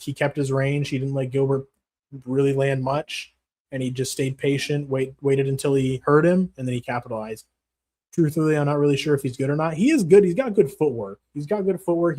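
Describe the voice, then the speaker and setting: Man, livestream host, casual chat, swears a lot, rambling, slangy, mid-pitched voice. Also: darkish tone. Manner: profane, rambling, slangy, calls viewers bro. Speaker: MMA channel host reading live chat.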